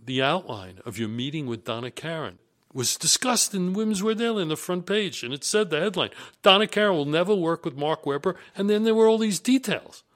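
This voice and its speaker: A man voicing an excited male friend who is urgently breaking surprising news. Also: sits high, brisk, voice pushed up.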